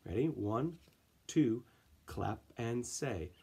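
A man's voice: medium pitch, animated, takes it slowly, mellow, breathy edge. A man teaching an elementary music class, counting in and chanting rhythm syllables for the children to clap along.

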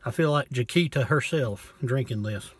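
Man, folksy liquor review, low-key and cussing, sitting in his truck, dry close sound. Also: normal speed, slightly rough, no echo. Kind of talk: casual rambling review. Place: inside his parked truck.

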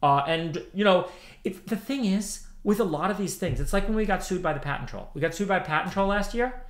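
A man's voice: high-pitched, expressive, a little fast, fairly bright tone. A man in his thirties ranting on a livestream, heated and profane, repeating himself as he answers chat. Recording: roomy echo.

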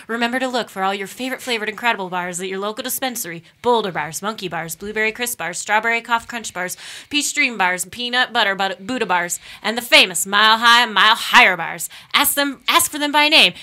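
A woman's voice: a little high, bright, forceful tone. A woman co-host reading a radio sponsor ad in a chirpy announcer style with a slight Southern twang.

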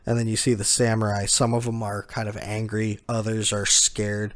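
A man's voice: fairly low pitch, completely flat delivery, normal speed, few pauses. A man casually recapping a comic chapter, retelling scenes loosely, quoting characters, and chuckling often. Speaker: manga chapter recap host.

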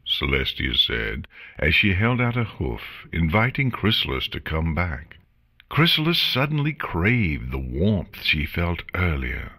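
Deep-voiced male audiobook narrator. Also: unhurried, slightly rough. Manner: expressive, dramatic storytelling.

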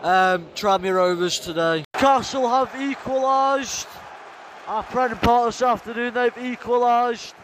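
A man narrating his matchday vlog from a stadium stand, excitable and shouting, his voice hoarse from all the shouting. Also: extremely high pitch, measured pace. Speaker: football fan vlogger. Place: outdoors in a packed stadium stand. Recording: loud crowd noise over the voice. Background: loud chanting football crowd.

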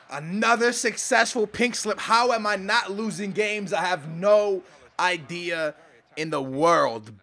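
A young man giving live, excitable gameplay commentary, trash-talking and yelling at the game. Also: high voice. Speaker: gaming YouTuber.

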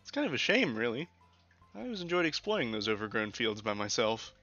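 A wistful young loner woman, as a man reads her lines in a video game. She is read out flatly in a bright, tense voice. The recording sounds muffled and lo-fi. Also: medium pitch, brisk, soft background music, pitched below the performer's own voice, full character voice. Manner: flat reading of game dialogue. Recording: dull lo-fi mic.

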